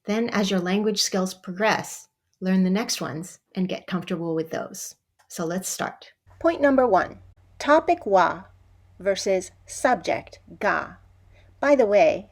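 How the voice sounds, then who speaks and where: A woman teaching Japanese grammar, explaining clearly and evenly with example sentences. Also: medium pitch. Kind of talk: scripted lesson narration.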